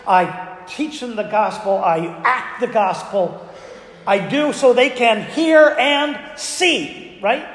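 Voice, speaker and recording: This pastor has a very high, somewhat bright voice and speaks slowly. Addressing his congregation in a church sanctuary, he keeps the sermon conversational and frequently asks rhetorical questions. The reverb from the echoey hall lingers long.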